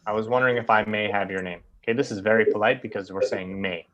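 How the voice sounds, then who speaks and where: A man's voice: fairly low pitch, fairly even intonation, quick pace, dull audio. A man teaching an English grammar class, explaining patiently and checking often with "right?".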